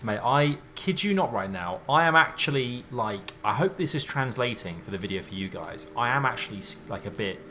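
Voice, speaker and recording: A man giving let's play commentary on a game, excitable and jumpy, thinking aloud in casual slang. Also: mid-range voice, moderate pace, hardly any pauses. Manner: casual slangy talk, says mate and dude. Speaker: gaming YouTuber.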